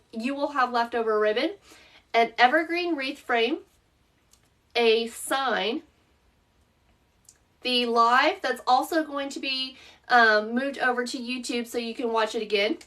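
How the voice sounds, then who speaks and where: A woman's voice: high-pitched, fairly bright tone, far from the mic. A woman with a Southern accent, hosting a live-stream craft tutorial, chatting through the steps and answering viewers by name as she works.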